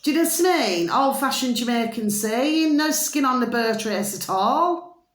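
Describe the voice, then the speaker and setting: A woman's voice: fairly high pitch, animated, moderate pace. Woman rambling to viewers in an echoey room. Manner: keeps calling viewers "my delicious little babies", asks "do you see?"; meandering with many fillers and restarts. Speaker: vlogger. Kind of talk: casual rambling monologue to viewers.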